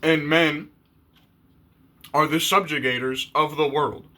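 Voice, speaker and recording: A man with a bright, slightly high voice talks straight to camera in a loose, profane rant. He is blunt and conversational, swearing freely as he goes. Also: fairly even intonation, slow pace. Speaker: YouTuber.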